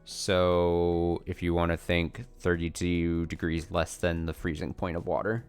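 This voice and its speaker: A man's voice: deep voice, monotone, measured pace, smooth. A man chatting casually while streaming a game, rambling and self-deprecating, answering viewer questions with a chuckle. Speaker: let's play streamer. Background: faint game music.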